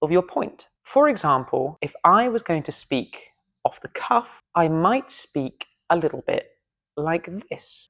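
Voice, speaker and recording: Demonstrating gestures in a studio, a male public-speaking coach gives a casual, playful video lesson, often poking fun at himself. His voice is a little high and a bit bright.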